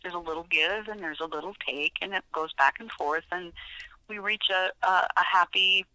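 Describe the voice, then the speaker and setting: A woman's voice: lowish voice, a little fast, sharp tone, no room sound, low-quality recording. A woman animal behaviorist chatting as a podcast guest, telling stories with frequent fillers and restarts. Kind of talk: podcast interview.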